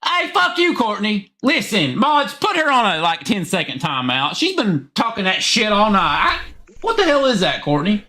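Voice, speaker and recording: A Southern-accented man hosting a live call-in stream in a loose, profane, joking way. His voice is bright and forceful, jumping around in pitch, and sits a bit higher than most men's. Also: huge pitch swings, moderate pace. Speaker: livestream call-in show host. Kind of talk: casual live stream chat.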